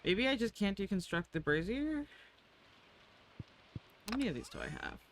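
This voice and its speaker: A woman's voice: medium pitch, sing-song, normal speed, vocal fry, a little hiss or hum, rough recording. A woman streamer chatting casually while playing a farming game, swearing freely and cooing at her in-game animals. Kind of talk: casual gameplay chat.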